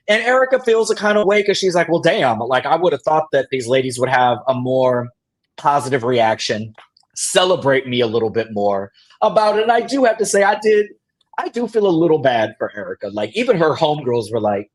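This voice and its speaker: Brisk and a little high-voiced, this man hosts a podcast recap in a casual tone. His storytelling is animated, and he laughs while acting out quotes.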